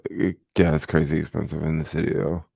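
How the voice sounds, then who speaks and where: Tired, gravelly deep-voiced man livestreaming. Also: fairly quick, no echo, studio quality. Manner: relaxed and rambling, many fillers. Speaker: livestream host. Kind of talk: casual livestream chat. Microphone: desk microphone without headphones.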